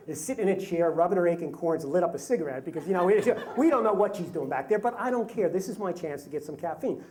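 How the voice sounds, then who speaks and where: A man in his fifties telling a comic personal story live on stage, with self-mocking humor and halting restarts. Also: a little high, a little mellow. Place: stage before a live audience.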